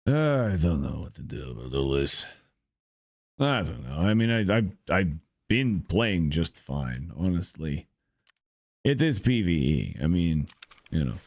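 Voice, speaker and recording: A man's voice: deep voice, very animated, measured pace, gravelly, darkish tone, no room sound, studio quality. A young man hosting a gameplay channel, rambling through casual commentary with profane, frustrated grumbling. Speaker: gaming channel host.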